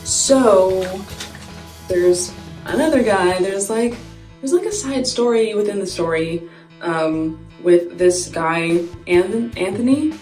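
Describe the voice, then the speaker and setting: A young woman vlogs while doing her makeup, telling a story slowly in an expressive, mid-range voice that's a little mellow. She's casual and chatty, giggling and saying "like" a lot. The recording has echo, a far-off mic, and faint music.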